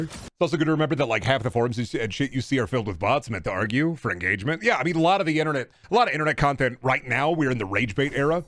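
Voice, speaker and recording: Dude streamer ranting fast, swears a ton, rambly and self-mocking. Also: male voice, mid-range voice, animated, fairly bright tone, dry recording. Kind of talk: casual comedic rant on stream.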